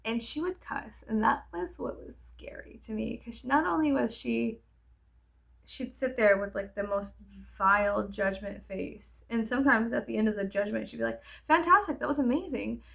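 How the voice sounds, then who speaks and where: A woman's voice: fairly high pitch, normal speed, creaky, a bit bright. A woman vlogger telling a candid, rambling story in casual get-ready-with-me chat, swearing freely.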